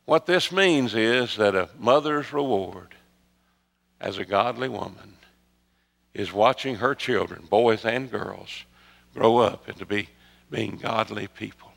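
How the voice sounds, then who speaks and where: Preacher in a reverberant hall. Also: male voice, lowish voice, slow pace, vocal fry. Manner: storytelling, swings from loud emphatic peaks to soft hushed asides. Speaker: pastor. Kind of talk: sermon.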